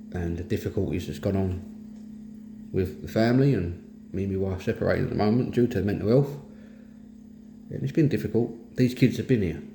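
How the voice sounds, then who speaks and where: In an echoey room with a little background noise, a middle-aged man from East London, England, speaks in a Cockney accent with a low-pitched, dark-toned voice. As the host of a mental health talk, he delivers an earnest, plain-spoken and blunt monologue about his own mental health.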